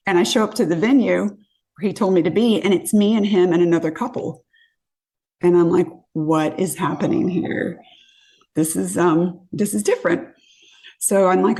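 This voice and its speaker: A woman from California telling a story on a podcast in a casual, animated way, acting out what people said and swearing when she relives the moment. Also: on the low side. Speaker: guest storyteller.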